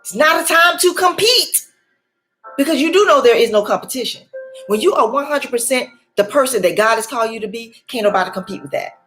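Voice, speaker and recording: A woman's voice: on the high side, lively intonation, brisk, fairly bright tone. A woman in her forties or older, a life coach giving a faith-based motivational talk, repeating her key words for emphasis. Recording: faint music behind.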